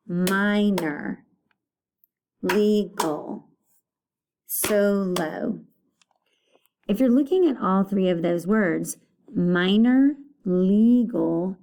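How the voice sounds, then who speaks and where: A woman teacher giving a recorded phonics lesson, patient and repeating each word clearly. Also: mid-range voice, darkish tone.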